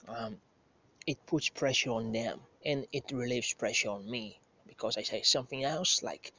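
A man in his thirties tells a rambling story in casual talk, swearing freely and often backing up to correct himself. His voice is bright and forceful. The recording sounds slightly muffled and lo-fi. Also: medium pitch. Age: 30s. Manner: profane, rambling, self-correcting. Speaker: podcast host. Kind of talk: casual anecdote telling.

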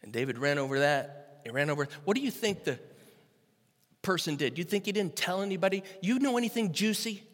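A man in his sixties preaching a sermon as pastor, moving from easy storytelling to loud, emphatic preaching. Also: high-pitched, animated, brisk. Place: church sanctuary. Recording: echoey hall with long reverb.

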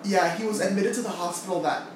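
A woman chats casually as a co-host, blunt, teasing and quick to joke. Her voice comes from a little way off the mic in a very echoey room, with a faint hiss behind. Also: medium pitch, distant mic. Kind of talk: casual chat.

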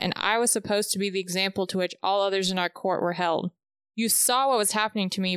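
A woman reading aloud a chapter-by-chapter recap of a novel, with the dialogue read in a steady, even pace. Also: mid-range voice, clean tone, dry recording, clean studio sound.

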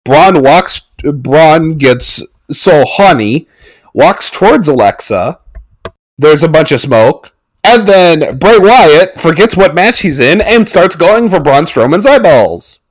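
A man casually recapping a wrestling match with sarcastic commentary and mock-excited outbursts. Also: a little high, slow, poor audio.

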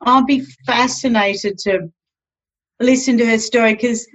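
A woman who is a guest on a podcast, speaking in an expressive, emphatic way. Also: fairly high pitch, a little slow. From Australia. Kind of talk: casual podcast conversation. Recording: slightly dull, lo-fi audio.

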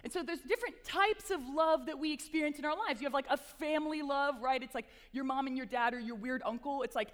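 A woman's voice: high-pitched, fast talker, hardly any pauses. A young woman giving a casual, chatty campus chapel talk, with playful asides. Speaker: chapel speaker, campus ministry assistant. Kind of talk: casual sermon with prayer. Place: large chapel hall. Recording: long hall reverb.

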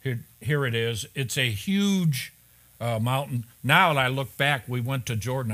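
A man's voice: medium pitch, unhurried, a bit bright. A man preaching an expository sermon as pastor, conversational and full of rhetorical questions, turning emphatic on key points.

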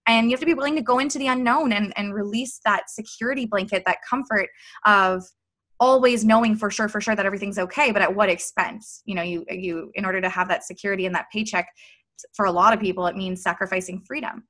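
Canadian woman, coach, casual guest, bright tone, chatty with fillers. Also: medium pitch, fairly even intonation, quick pace. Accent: Canadian, near Detroit. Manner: chatty, reflective, frequent fillers and laughter. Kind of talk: casual conversational interview.

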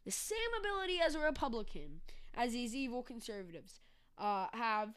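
Bright, clear-voiced woman ranting sarcastically. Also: a little high, very animated, normal speed. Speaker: podcast host. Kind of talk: casual political commentary.

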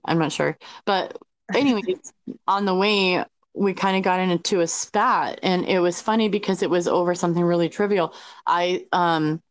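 A woman co-hosting a podcast, talking candidly and casually with plenty of ums and likes. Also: on the low side. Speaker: podcast co-host.

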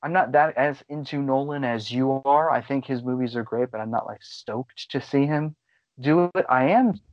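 A man co-hosting a podcast, chatting casually about movies in a rambling, excitable way and swearing freely. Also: mid-range voice, normal speed, no room sound, highs cut off. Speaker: podcast co-host. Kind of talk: casual chat.

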